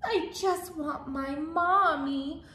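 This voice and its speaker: A woman's voice: high voice, drawn-out words, bright, forceful tone, exaggerated voice. A woman voicing a playful, restless little boy hippo in a storybook, in an echoey room. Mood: sleepy. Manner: eager, bouncy.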